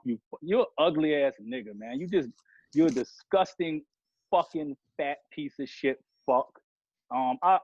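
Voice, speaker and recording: Here a rapper on a podcast, speaking at a medium pitch, goes on a heated, profane rant that wanders from complaint to complaint. The recording is dry, with a dull lo-fi sound.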